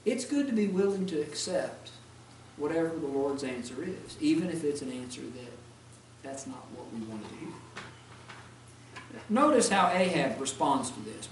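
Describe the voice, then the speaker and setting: A man's voice: a little high, a little hiss or hum. Man preaching in an echoey hall. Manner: conversational preaching with rhetorical questions. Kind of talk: sermon. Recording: echoey room, mic at a distance.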